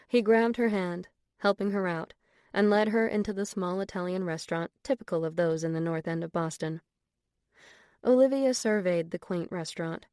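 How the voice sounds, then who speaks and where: A woman narrating an audiobook in a composed, even storytelling manner on a close studio mic. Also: fairly low pitch, smooth, no room sound. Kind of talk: scripted narration.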